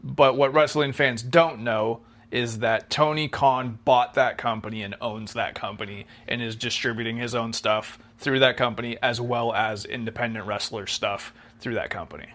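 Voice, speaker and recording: A young man with a medium voice co-hosts a casual podcast chat. He talks knowledgeably and at length, filling his pauses with ums and likes. His tone stays easygoing as he explains. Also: medium pitch, steady tone, fairly bright tone. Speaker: podcast co-host.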